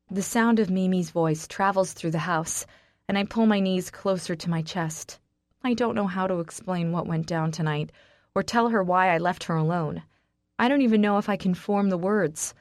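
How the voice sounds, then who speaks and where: A woman narrating a first-person romance audiobook, expressive and emotional in the dialogue. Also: on the low side, normal speed, no room sound, studio quality.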